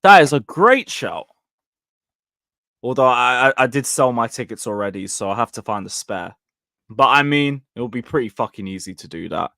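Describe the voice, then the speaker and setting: A man's voice: medium pitch, lively intonation, normal speed, vocal fry, pushed and bright, no room sound, studio quality. A young man giving a blunt, sweary, rambling live review of a football match and reading viewer comments. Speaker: football fan channel host.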